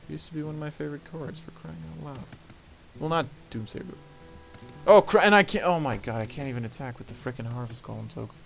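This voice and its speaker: A man's voice: mid-range voice, quick pace, creaky. A man giving casual commentary while playing a card game, thinking aloud about his moves and grumbling and swearing when things go wrong. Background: game music.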